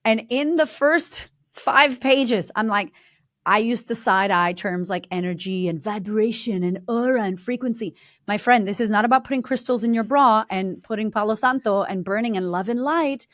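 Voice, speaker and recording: A woman's voice: mid-range voice, moderate pace, a bit bright, no room sound, studio quality. A woman guest in a casual interview, a confidence coach who talks bluntly and emphatically, swearing freely.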